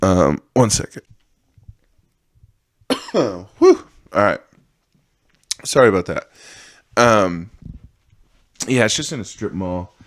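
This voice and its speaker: A man's voice: fairly low pitch, sing-song, slow, pauses often, dry recording, studio quality. A man hosting a podcast, telling rambling, profane stories about his old jobs in a casual monologue and acting out the people in them. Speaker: podcast host.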